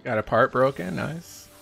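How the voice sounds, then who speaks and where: A young man streaming a live video game playthrough, excitable and laughing often, his voice leaping up into high squeals. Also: creaky. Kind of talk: live gameplay commentary.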